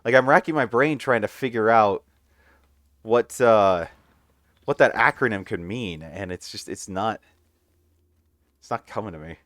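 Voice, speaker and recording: Casual gamer husband, low voice, dry close mic, deadpan humor. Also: male voice, unhurried, pauses often, no echo. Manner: wry, deadpan jokes. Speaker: gamer playing with his wife. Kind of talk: casual let's-play chat. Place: home.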